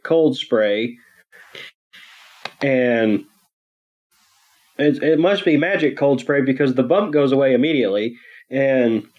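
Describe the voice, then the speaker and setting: A man co-hosts a podcast and slowly recaps a cartoon episode, laid-back and full of crude jokes. He pauses often and fills the gaps with ums. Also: medium pitch, darkish tone, muffled recording. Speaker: podcast co-host.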